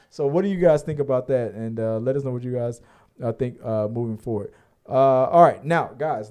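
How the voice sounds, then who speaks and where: Man, podcast co-host, mellow voice, casual rambling chat, jokey, profane. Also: medium pitch. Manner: loose, rambling and profane, joking.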